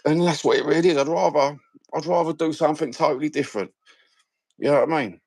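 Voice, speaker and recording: A man's voice: on the high side, quick pace, a little mellow, breathy edge, no room sound. A man with a Cockney accent hosting a fan live stream, rambling and swearing in slang-filled casual chat. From London. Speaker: fan channel host.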